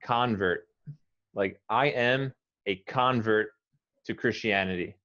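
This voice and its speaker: American man coaching pronunciation, low voice. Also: muffled recording. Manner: patient, models words slowly and repeats them. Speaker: English pronunciation teacher.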